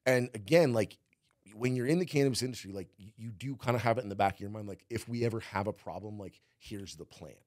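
A man's voice: lowish voice, quick pace, a little mellow, no room sound, clean studio sound. A man being interviewed, telling a story casually with lots of "like" and some swearing. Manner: rambling, heavy use of "like", swearing. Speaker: guest, former cannabis cultivator.

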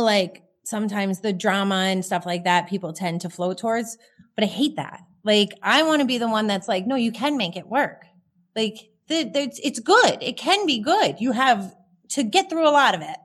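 A woman's voice: medium pitch, expressive, moderate pace, a bit bright. A woman in her thirties telling her personal story as a podcast guest, chatty and emotional, with many fillers.

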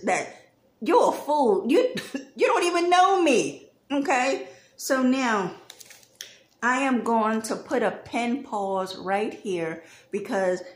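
A woman's voice: fairly high pitch, fairly bright tone, roomy sound. A woman giving a casual Bible study, chatty and laughing, acting out lines in a sassy voice. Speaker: Bible teacher.

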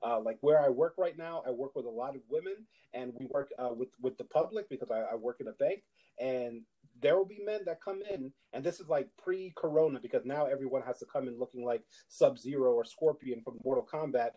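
Husky-voiced young man telling stories. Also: brisk, rough recording. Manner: animated storyteller, acts out his wife's lines in a higher voice. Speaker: podcast co-host. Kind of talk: casual chat.

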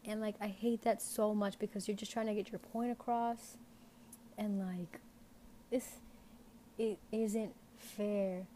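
A woman's voice: mid-range voice, steady tone, slow pace, dark tone, slight background noise. A young woman hosting an unscripted podcast, talking casually and rambling with many fillers. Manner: rambling, lots of "like" fillers, candid. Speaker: podcast host.

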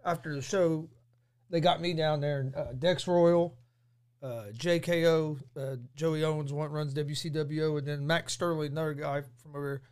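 Man, high voice, co-host, blunt, swears, casual chat. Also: steady tone, moderate pace, darkish tone, clear, resonant tone. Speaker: podcast co-host.

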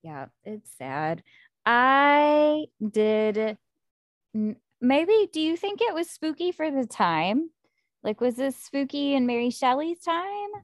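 An American woman hosting a casual book-club chat, talking in a chatty, animated way with lots of fillers. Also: sits high, takes it slowly, no room sound, studio quality.

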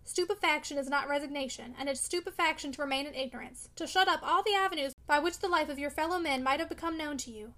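A man's voice: very high voice, fast talker, hardly any pauses, sharp tone, exaggerated voice, rough recording. A woman voicing a brooding, sensitive young man who argues vehemently in a storybook reading. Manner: vehement, pleading.

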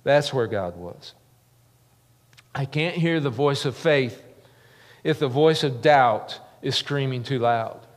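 A man's voice: mid-range voice, expressive, slow, pauses often. A middle-aged man preaching a sermon as a pastor, earnest, building emphasis with repeated phrases. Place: church sanctuary. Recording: long reverb of a large church hall.

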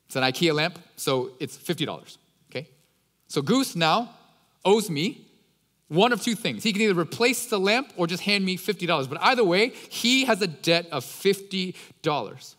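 Male pastor, fairly high voice, loose conversational sermon delivery, reverberant hall. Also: expressive, moderate pace, a bit bright. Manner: casual, slangy storytelling.

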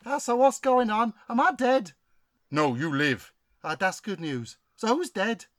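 A man's voice: high voice, sing-song, unhurried, no room sound, clean studio sound, voice pushed up. A man voicing a chatty elderly auntie spirit, gossipy and full of exclamations. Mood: chatty surprise.

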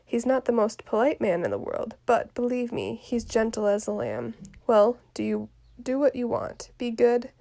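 A woman's voice: on the high side, lively intonation, normal speed, vocal fry, warm tone. Woman reading a fussy, complaining old nursemaid. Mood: grumbling. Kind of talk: reading a play aloud.

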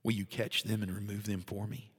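A man voicing God as tender and patient, speaking softly and reassuringly in a devotional story. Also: fairly low pitch, level tone, a little fast, husky, big-room sound. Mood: gentle. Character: tender loving male God, gentle and patient.

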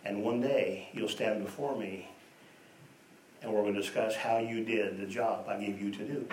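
A man's voice: on the low side, steady tone, normal speed, a little hiss or hum. Distant echoey preacher man. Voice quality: storytelling with shifts between hushed and emphatic delivery. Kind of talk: sermon.

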